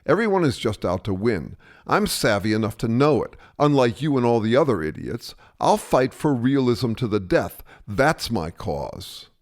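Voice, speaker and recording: A man playing a smug, hypocritical bully who brushes off every charge and turns it back on the other person. His pitch swings widely as he blusters and lectures, sure he is always right. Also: very animated, moderate pace, hardly any pauses, close to an everyday voice. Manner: blustering, dismissive, self-righteous. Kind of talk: satirical two-man sketch dialogue.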